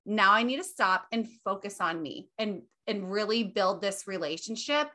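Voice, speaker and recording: A young woman talks on her podcast in a loose, casual chat, her voice bright and forward. She gushes and leans hard on her words, dropping swear words freely as she goes. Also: mid-range voice, animated, normal speed. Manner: gushing, emphatic, swears freely. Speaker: podcast host.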